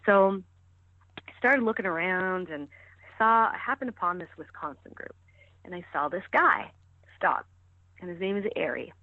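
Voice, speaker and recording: This Canadian ski coach has a fairly low, expressive voice, moving at a moderate pace with long pauses. As a podcast guest she talks freely through a casual interview, heavy on fillers and restarts. There's no echo; the sound is dry and phone-like, a bit tinny.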